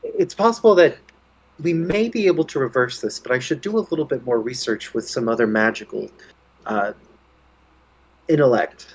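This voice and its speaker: A man's voice: mid-range voice, expressive, normal speed, pauses often, slightly rough, poor audio. A man playing a bard in a tabletop game, musing and thinking aloud. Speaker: player.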